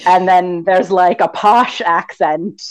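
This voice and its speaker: American woman, lower register, casual chatty explainer, fillers and easy laughs. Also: takes it slowly. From United States. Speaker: fanfiction writer. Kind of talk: casual chat.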